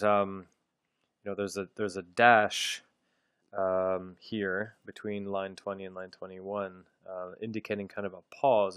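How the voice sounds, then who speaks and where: Low-voiced man giving a halting literature lecture. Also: fairly bright tone, dry recording, clean studio sound. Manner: thoughtful, halting, with frequent ums and restarts. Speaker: literature teacher.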